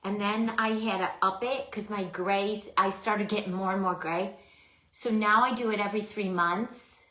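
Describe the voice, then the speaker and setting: A woman's voice: medium pitch, steady tone, normal speed, pushed and bright, roomy sound. Chatty woman crafting live. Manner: chatty, greets viewers by name, self-deprecating laughs. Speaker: crafting livestream host. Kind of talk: casual craft livestream chat.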